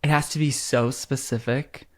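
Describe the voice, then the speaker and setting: A man's voice: mid-range voice, steady tone, normal speed. A man co-hosting a podcast, chatting casually and chiming in with supportive short agreements. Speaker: podcast co-host. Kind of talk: casual chat.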